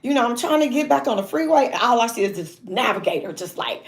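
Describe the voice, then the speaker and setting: A woman's voice: a little high, animated, quick pace. A middle-aged woman from Southern California, a guest telling a vivid, dramatic story in an interview. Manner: vivid, dramatic, acts out voices. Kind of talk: animated storytelling.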